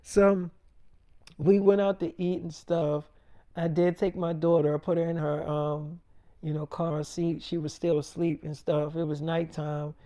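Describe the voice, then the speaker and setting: A man's voice: a little high, little pitch movement, measured pace, mellow. A man telling a casual, rambling story with lots of "I'm like" and "she's like".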